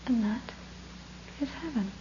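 A woman voicing a quiet little Buddhist monk. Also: on the high side, lively intonation, measured pace. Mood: quiet calm. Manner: quiet, soft, near-whispered. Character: small calm gentle male Buddhist monk. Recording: dull lo-fi recording with faint hum.

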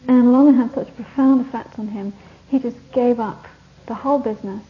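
A woman's voice: on the high side, brisk. A woman teaching a Buddhist course, giving a rambling, anecdotal dharma talk to a retreat group and laughing often. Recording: dull lo-fi recording, faint hiss.

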